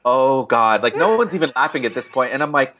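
Animated man telling a story. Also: medium pitch, quick pace, a little hiss or hum. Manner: animated storyteller, acts out quoted voices. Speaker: guest, online reviewer. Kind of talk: casual conversation.

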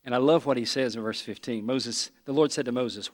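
A man's voice: mid-range voice, a little fast, hardly any pauses, big-room sound. A pastor preaching a conversational sermon, speaking in his own voice as he acts out imagined prayers.

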